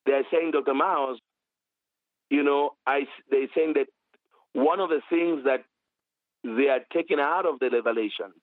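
A man minister telling a lively testimony in an interview, acting out quoted dialogue as he goes. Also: medium pitch, normal speed, long pauses, dry recording, narrow, tinny audio. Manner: animated storytelling with quoted dialogue. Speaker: minister, author.

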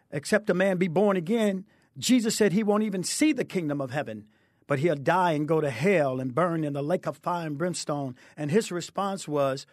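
A man's voice: a little high, no echo, clean studio sound. A man who is a preacher, telling his testimony earnestly in an interview, with a fervent storytelling delivery. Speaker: preacher guest.

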